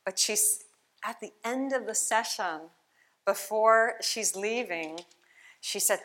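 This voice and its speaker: A woman play therapist giving a conference keynote talk, chatty and animated, telling stories to the audience. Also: mid-range voice, slow. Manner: chatty, animated storytelling with laughs. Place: conference hall.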